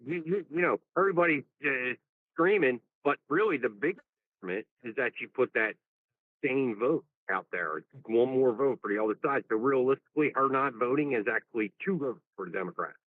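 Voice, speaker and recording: A man's voice: mid-range voice, expressive, fairly quick, dry recording. A man calling into a live stream, talking emphatically about politics and repeating himself as he makes his points. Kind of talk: casual political chat. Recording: tinny phone-like line.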